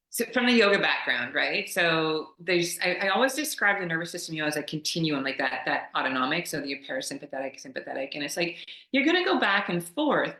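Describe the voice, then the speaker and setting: Lively woman explaining yoga, echoey room. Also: lowish voice. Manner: animated, laughs often, acts out quoted voices. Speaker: yoga teacher and mentor. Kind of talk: casual explanatory chat on a call.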